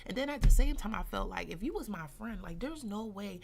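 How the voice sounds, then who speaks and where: A woman's voice: mid-range voice, a little fast, creaky, a little hiss or hum. A woman in her forties hosting a live stream, telling a personal story in a candid, slang-heavy, blunt way and talking straight to her listeners. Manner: animated, addresses listeners directly. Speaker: host.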